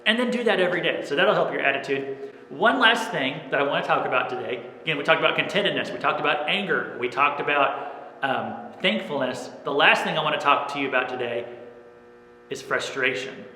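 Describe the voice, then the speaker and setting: A man's voice: a little high, brisk, pushed and bright, slight background noise. A man preaching a sermon as pastor, earnest and plain, often checking in with "okay?". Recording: echoey room with long reverb.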